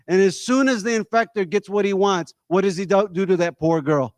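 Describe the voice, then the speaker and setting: Male discussion leader, 30s to 40s; exhorting, rhetorical, fairly high voice. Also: a little fast, few pauses, no echo. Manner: direct, exhorting, rhetorical questions. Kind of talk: community talk to a live audience.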